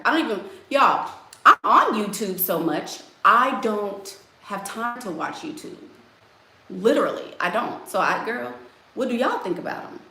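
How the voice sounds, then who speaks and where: A woman's voice: medium pitch, fairly bright tone, echoey room. A woman giving blunt, sassy dating advice while answering viewers in a casual live stream. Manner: blunt, sassy, emphatic, addresses viewers as y'all.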